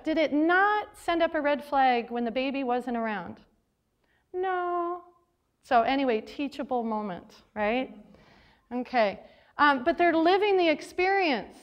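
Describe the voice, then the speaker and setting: High-voiced woman telling classroom stories. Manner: lively storytelling with quoted dialogue. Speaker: journalism advisor and teacher. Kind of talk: conference talk to teachers. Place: forum hall.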